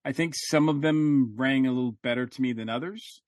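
A man co-hosting a podcast rambles casually through a review chat, full of fillers and restarts. His mid-range voice has a darkish tone and moves a little fast. The recording is studio quality with no echo.

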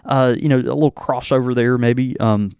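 A man's voice: mid-range voice, steady tone, normal speed, darkish tone, smooth, dry recording, studio quality. Rambling man. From American South. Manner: rambling, many fillers and restarts. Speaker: podcast host. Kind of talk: casual whiskey tasting chat.

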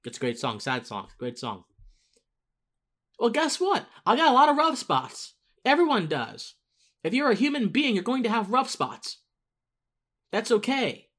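This political commentary host is a man whose voice is high, husky, and fairly bright. His monologue is casual and rambling, full of restarts, and it swells into emphatic outbursts.

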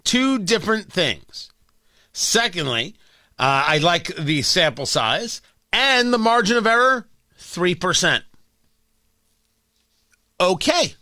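A man's voice: sits high, slow, pauses often, no room sound. A man hosting a talk radio show in an opinionated monologue, sarcastic and emphatic, on a close studio microphone. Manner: sarcastic, emphatic, animated delivery.

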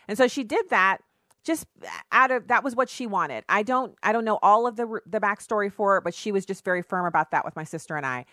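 A woman's voice: mid-range voice, dry recording. Woman talk radio host, dry studio. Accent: none, standard American speech. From raised in Germany on US Army bases. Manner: chatty, animated, quick restarts and laughs, forceful opinions. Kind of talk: opinionated talk radio monologue. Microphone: studio microphone.

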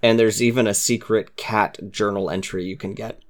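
A man in casual podcast chat, talking earnestly about a game with fillers and soft asides. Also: on the low side, steady tone, normal speed. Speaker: podcast co-host.

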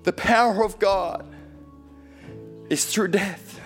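A man's voice: a little high, unhurried, faint music behind. A male preacher giving an impassioned, emotional sermon testimony with lots of repetition.

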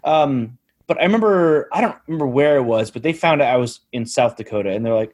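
Male co-host, mid-pitched, rambling storyteller. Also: lively intonation, fast, darkish tone. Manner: rambling anecdote telling. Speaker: podcast co-host. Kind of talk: casual chat.

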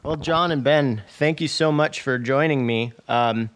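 A man's voice: medium pitch, measured pace, heavy background noise. A male host thanking his guests and asking them easygoing questions in a casual interview.

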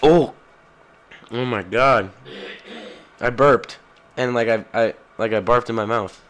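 A man's voice: mid-range voice, expressive, a little slow, long pauses, background noise. A man hosting a podcast in casual rambling chat, crude and profane, jumping from one thing to the next. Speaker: podcast host.

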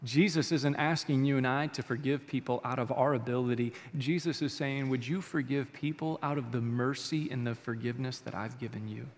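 A man preaching a sermon, animated, swinging between loud bursts and hushed lines. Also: medium pitch, fairly quick, few pauses. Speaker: pastor. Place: church auditorium. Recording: long reverb of a large auditorium.

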